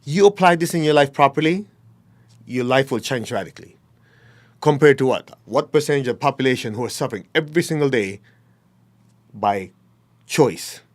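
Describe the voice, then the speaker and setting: Male spiritual teacher, mid-pitched, blunt, emphatic delivery. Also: animated, moderate pace, pauses often. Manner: blunt, emphatic, acts out quoted people. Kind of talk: dharma talk.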